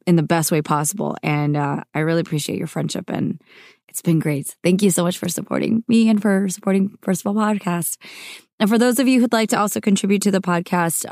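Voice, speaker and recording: A woman's voice: on the low side, a little mellow, no room sound, clean studio sound. A woman hosting a podcast, closing the episode with thanks in a chatty, grateful way that has small slips and laughs. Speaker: podcast host. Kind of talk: casual podcast outro.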